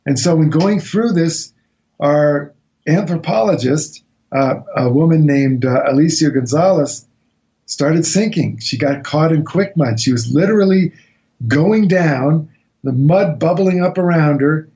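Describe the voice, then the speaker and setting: A man recounting an expedition as a radio interview guest, telling it as a lively anecdote and acting out what people said. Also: on the high side, unhurried, lo-fi sound. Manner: animated anecdotal storytelling, acts out quotes.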